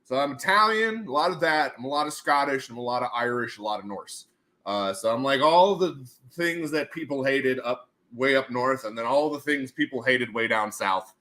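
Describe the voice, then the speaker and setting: Animated, bright-voiced man rambling on stream. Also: medium pitch, moderate pace. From United States. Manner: rambling, joking, laughs often. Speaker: livestream host. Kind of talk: casual livestream chat.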